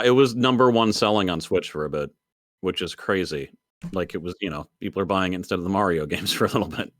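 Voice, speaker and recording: A man with a very low voice co-hosts a laid-back gaming podcast. He rambles through his thoughts with plenty of "um"s and laughs often. The sound is dry and close, with no room echo. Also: fairly bright tone. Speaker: podcast co-host. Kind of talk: casual chat.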